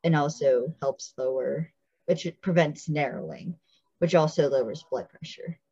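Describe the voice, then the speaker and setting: A woman's voice: low-pitched, unhurried, mellow, slightly rough, no room sound, dull audio. A woman hosting a podcast, recapping a TV episode in casual chat and stopping to explain details with asides. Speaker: podcast host.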